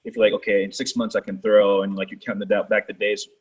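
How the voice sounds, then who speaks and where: A young man, a baseball pitcher, talking casually as a guest, with lots of "like" and "you know". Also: quick pace, breathy edge, poor audio. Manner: relaxed, filler-heavy talk with many "like"s. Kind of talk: casual chat.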